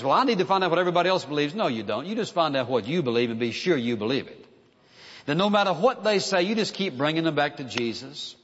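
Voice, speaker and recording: A man's voice: fairly high pitch, highs cut off. Earnest male preacher in a reverberant hall. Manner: earnest, emphatic preaching with repeated phrases. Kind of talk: sermon.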